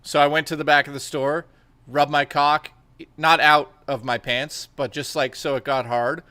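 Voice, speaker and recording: Bright-voiced man telling rambling stories. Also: on the high side, level tone, moderate pace, dry recording. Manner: rambling, profane anecdotes with acted-out quotes. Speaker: stream host. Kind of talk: casual storytelling chat.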